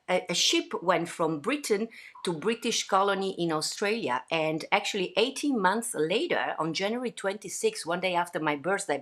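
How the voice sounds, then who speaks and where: A woman's voice: lowish voice, fairly bright tone. A woman with an Italian accent hosting a livestream from her home, chatting with many fillers and restarts. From Italy. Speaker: host. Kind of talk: livestream chat.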